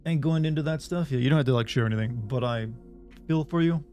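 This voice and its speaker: Soft background music plays as this live streamer talks fast in a dark-toned voice on the high side. He's a man from the US South without a regional accent, playing a game and casually reading out viewer messages before answering them at rambling length.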